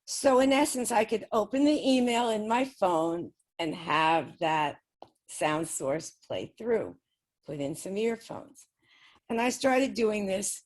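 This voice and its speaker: Chatty woman telling a personal story. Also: medium pitch. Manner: chatty, laughs often between sentences. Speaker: guest describing spirit communication experiments. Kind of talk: casual storytelling.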